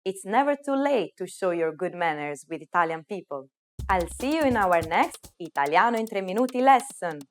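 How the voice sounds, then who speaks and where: Woman presenter, animated melodic delivery, clear and upbeat. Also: medium pitch, a little hiss or hum. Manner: upbeat, clear, speaks target words slowly. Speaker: language teacher. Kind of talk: scripted lesson narration.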